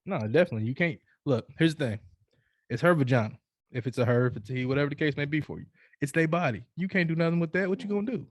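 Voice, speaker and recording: A man's voice: on the high side, racing, no room sound, clean studio sound. Profane man preaching dating advice. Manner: loose, profane, preachy storytelling with repeated restarts. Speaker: podcast co-host. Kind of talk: casual chat giving advice.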